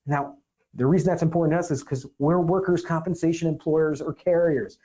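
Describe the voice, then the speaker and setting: A man's voice: fairly high pitch, fairly even intonation, a little fast, warm tone, lo-fi sound. A man hosting a legal explainer podcast, talking emphatically with sarcastic asides. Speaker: podcast host and defense attorney.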